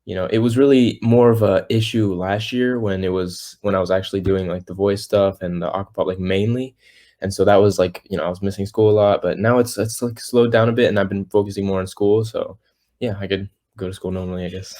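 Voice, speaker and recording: Teen boy with a low voice, rambling chat. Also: fairly even intonation, brisk, dark tone. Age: teens. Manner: rambling, many fillers and restarts; acts out quoted people. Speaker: guest singer. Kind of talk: casual interview.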